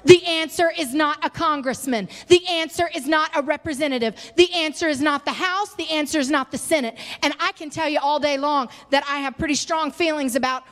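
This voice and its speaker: A young woman preaching a sermon with passion, rising loud and falling soft. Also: a little fast, few pauses, in a large hall. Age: young adult. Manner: impassioned, swinging from loud highs to soft lows.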